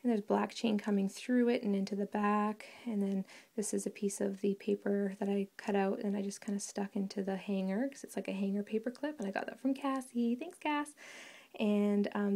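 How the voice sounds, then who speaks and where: Rambling woman with a gravelly, mellow voice. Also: mid-range voice. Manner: chatty and rambling, often correcting herself. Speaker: crafter showing a project. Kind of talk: casual craft tutorial.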